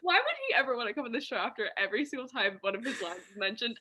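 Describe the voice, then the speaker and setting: Bright, husky young woman podcast co-host. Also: a little high, animated, very fast. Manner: playful, laughs, mimics voices. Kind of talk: casual chat.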